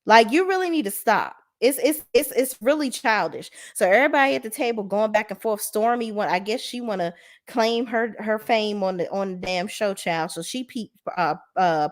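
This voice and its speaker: A woman reviewing a reality TV show in casual video commentary, blunt, sassy and full of swearing. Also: moderate pace. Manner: animated, swings between high exclamations and low asides.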